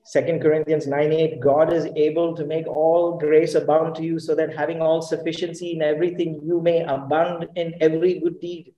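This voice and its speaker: Earnest high-voiced preacher, echoey room. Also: male voice, little pitch movement, moderate pace, few pauses, highs cut off. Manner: earnest, emphatic, asks the congregation questions. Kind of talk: sermon.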